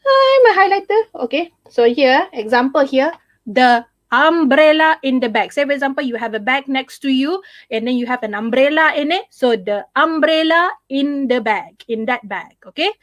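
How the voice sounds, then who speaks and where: A young woman with a Malaysian accent teaches English grammar in a live online class. Her voice sits high, and the recording is dry and close. She slips Malay words into her English and pads her talk with fillers. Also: normal speed, dry recording. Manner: mixes Malay into English explanations, many fillers.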